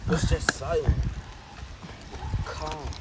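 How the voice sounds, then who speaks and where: A man's voice: fairly high pitch, fairly even intonation, drawn-out words. A man casually telling a made-up story in a rambling, slangy, laid-back way. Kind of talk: casual fan-fiction storytelling. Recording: loud background noise.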